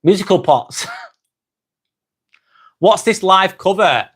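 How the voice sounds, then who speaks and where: A man's voice: high voice, expressive, takes it slowly, long pauses, breathy edge. A young English man hosting a casual livestream, chatting and reading out viewers' comments with frequent fillers and repeated phrases. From England. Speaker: livestream host.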